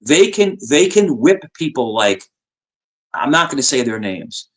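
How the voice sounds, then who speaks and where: A man's voice: medium pitch, big pitch swings, unhurried. A man appearing as a podcast guest in casual chat, swearing and repeating himself.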